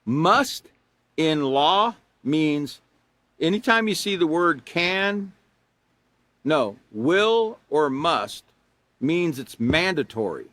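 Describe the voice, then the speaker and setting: A man's voice: fairly high pitch, expressive, slow, a bit bright, no echo. Older guy in his 60s teaching an online class, chatty and rambling, gets emphatic on the rules, dry sound. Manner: folksy and rambling, with chuckles and asides; emphatic when stressing rules. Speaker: character education instructor. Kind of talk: live online class lecture.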